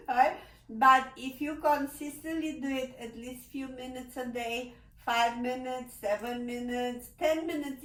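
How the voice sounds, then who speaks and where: A woman teaching a piano lesson in non-native phrasing, laughing often and pleading with students to stay relaxed, with a piano in the room. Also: high-pitched. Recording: echoey room, mic at a distance. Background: piano playing.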